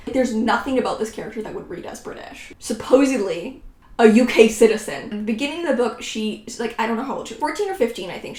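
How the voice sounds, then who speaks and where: A woman in her twenties talking casually and with sarcastic self-mockery as she looks back on her own writing. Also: on the high side. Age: 20s. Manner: sarcastic, self-mocking, laughs at herself. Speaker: writing vlogger. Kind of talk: casual reaction vlog. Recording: roomy echo.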